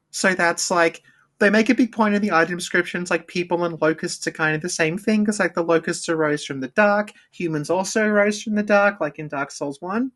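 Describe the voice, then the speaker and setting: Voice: medium pitch, a little fast, fairly bright tone. A podcast co-host talking through game lore in a casual, rambling way, full of "like" fillers. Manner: rambling, heavy use of "like" fillers.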